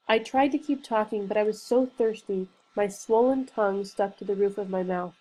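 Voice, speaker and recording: Mellow-voiced woman reading a story aloud. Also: medium pitch, moderate pace, hardly any pauses, low-quality recording. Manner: steady, earnest storytelling. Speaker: reader. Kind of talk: audiobook narration.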